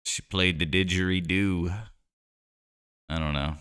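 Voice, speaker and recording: A man's voice: low-pitched, steady tone, slow, fairly bright tone, clean tone. A man streaming live, chatting casually and joking while he plays a card game, rambling with lots of "like" and "you know".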